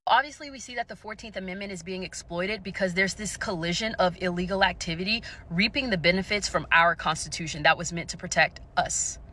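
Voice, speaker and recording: A woman's voice: on the low side, brisk, few pauses, sharp tone, a little hiss or hum. A woman giving assertive political commentary, emphatic and lecturing in tone. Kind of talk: opinion commentary to camera.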